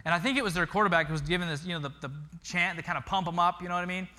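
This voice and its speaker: Bright-voiced pastor preaching. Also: male voice, sits high, very fast. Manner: animated storytelling with repeated words. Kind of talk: sermon.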